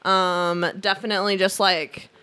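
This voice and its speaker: A woman's voice: mid-range voice, flat delivery, a little slow, bright, forceful tone, clear, resonant tone. A young woman with a mid-range voice, co-hosting a podcast. She talks frankly and bluntly and laughs often. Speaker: podcast co-host. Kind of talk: casual chat.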